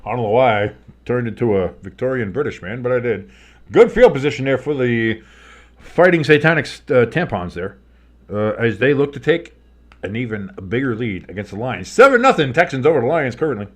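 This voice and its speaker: A man's voice: medium pitch, animated, a little fast. A man hosting a live sports stream, calling plays and rambling into joking asides. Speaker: sports streamer and play-by-play host. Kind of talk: live play-by-play with casual chat.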